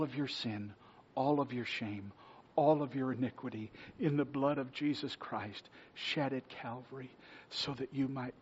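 A man preaching a sermon earnestly, sometimes dropping to a hush for emphasis, then closing in prayer. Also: medium pitch, a little slow, slight background noise. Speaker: pastor. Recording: dull lo-fi sermon recording.

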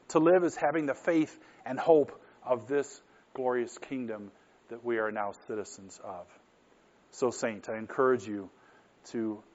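Man preaching a conversational sermon, slightly lo-fi. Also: medium pitch. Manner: earnest, conversational preaching with rhetorical questions. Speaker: pastor.

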